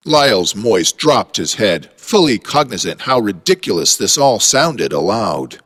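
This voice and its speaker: A man reads a mystery story aloud with dramatic, wry narration. His voice is fairly low but moves a lot in pitch, and the recording has a long hall reverb. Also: big pitch swings, measured pace, few pauses, a bit bright, breathy edge.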